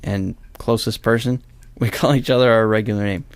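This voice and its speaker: A man's voice: lowish voice, fairly even intonation, brisk, clean tone, no room sound. A young man hosting a casual podcast chat, rambling and correcting himself as he goes. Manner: rambling, self-correcting, chuckles often. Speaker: podcast host.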